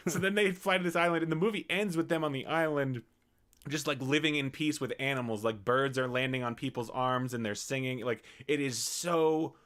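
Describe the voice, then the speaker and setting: A man co-hosting a casual comedy podcast, retelling movie scenes in an animated way and laughing often. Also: mid-range voice, a little fast.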